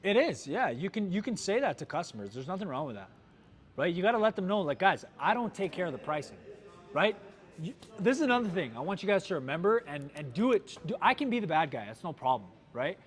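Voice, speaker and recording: Man, sales manager at a dealership, energetic coach, slightly high voice. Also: fast. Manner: energetic, coaching, lots of "right?" and "like". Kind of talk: team sales training talk. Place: car dealership.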